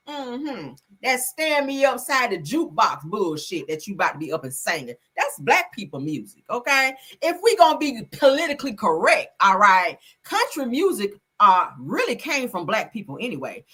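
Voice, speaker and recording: Woman streamer, sassy profane commentary host, lively and bright. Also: on the high side. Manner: sassy, emphatic, profane, addresses viewers. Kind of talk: casual commentary livestream.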